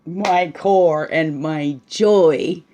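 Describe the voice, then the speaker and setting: A woman giving a casual spiritual talk while reading oracle cards, bubbly and chatty, often tagging on "right?" and slipping into soft, hushed asides. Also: low-pitched, drawn-out words, slight background noise. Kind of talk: casual spiritual teaching monologue.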